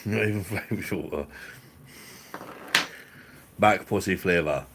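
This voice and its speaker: A man's voice: low-pitched, unhurried, background noise. A man hosting a live stream, chatting casually with viewers in jokey banter and laughing often.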